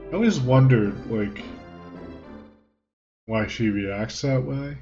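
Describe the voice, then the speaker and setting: A man's voice: medium pitch, slow, pauses often, a little mellow. A man joking his way through a video game playthrough in a wry, rambling way, recorded on a home desk mic with button clicks. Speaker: let's play host. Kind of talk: casual gameplay commentary. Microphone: desk mic at home, button clicks audible. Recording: dull lo-fi with game music.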